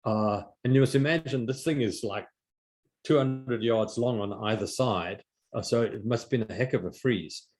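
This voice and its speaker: An older man giving an informal art history slide lecture, halting with many fillers and restarts. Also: medium pitch, a little mellow.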